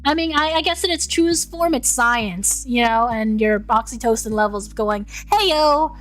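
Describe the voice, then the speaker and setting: Speaking at normal speed with fairly even intonation, this young streamer has a bright, high-leaning voice. While chatting casually and reading chat messages aloud, she trips over and repeats words and frequently breaks into laughter.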